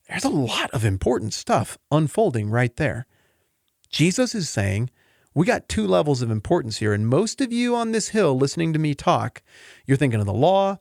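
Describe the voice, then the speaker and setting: A man's voice: moderate pace, vocal fry, no room sound, clean studio sound. A man hosting a casual Bible teaching podcast, talking in an earnest, rambling and openly emotional way. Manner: conversational with lively pitch swings.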